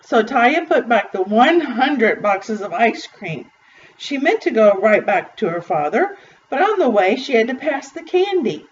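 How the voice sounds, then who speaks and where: A woman reading a children's picture book aloud in an expressive, deliberate way. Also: fairly high pitch. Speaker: storybook reader. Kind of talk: read-aloud storytelling. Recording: distant muffled recording with faint hiss.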